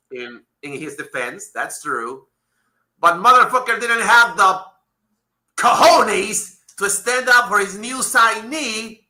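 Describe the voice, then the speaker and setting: Bright-voiced man ranting heatedly. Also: high-pitched. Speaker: podcast host. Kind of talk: wrestling talk show.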